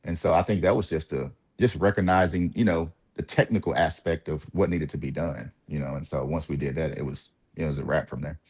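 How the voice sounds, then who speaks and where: A man from Mississippi with a very low voice talks through his college basketball days as an interview guest. He is relaxed and reflective, leaning on fillers and small laughs. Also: fairly quick, few pauses, husky. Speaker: former college point guard, guest. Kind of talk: casual interview talk.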